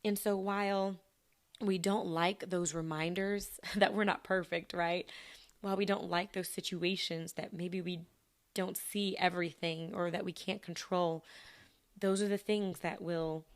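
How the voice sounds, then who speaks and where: Chatty woman, laughs often, slightly low voice. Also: steady tone, measured pace. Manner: talks to listeners directly. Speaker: podcast host and teacher. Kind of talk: casual personal chat.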